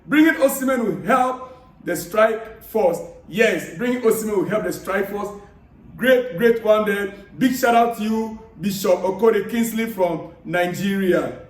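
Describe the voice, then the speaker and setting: A man vlogging about football news, chatting casually and giving friendly, repetitive shout-outs while reading viewer comments aloud. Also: high voice, a little slow. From Africa. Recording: echoey room, distant mic.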